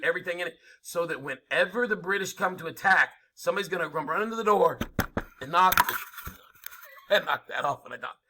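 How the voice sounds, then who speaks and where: A man's voice: on the high side, sharp tone. A man lecturing a history class, emphatic and informal, asking rhetorical questions as he goes. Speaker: history teacher.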